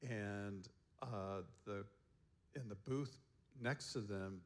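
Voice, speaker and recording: A man giving a seminar talk as a counselor, telling stories in a relaxed way and chuckling often. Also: lowish voice, slow. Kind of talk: storytelling talk to a seminar group.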